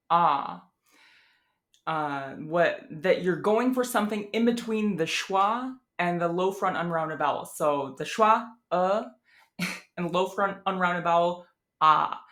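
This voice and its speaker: A woman's voice: on the low side, unhurried. A woman from Wisconsin with a Midwestern American accent, giving a casual pronunciation lesson, thinking aloud with fillers and demonstrating sounds. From Wisconsin, USA. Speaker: language teacher.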